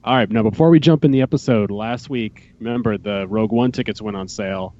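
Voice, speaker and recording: Excitable male podcast host. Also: fairly low pitch, fast talker. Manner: excitable, rambling with fillers. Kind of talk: casual podcast chat. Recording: dull lo-fi podcast mic.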